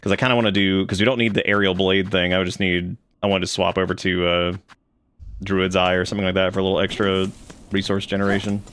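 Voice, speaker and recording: A man's voice: sits low, little pitch movement, quick pace, fairly bright tone, clear, resonant tone. A man streaming a video game, cracking jokes and swearing casually as he plays. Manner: joking, profane, rambling. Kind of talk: casual gameplay commentary. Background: game music.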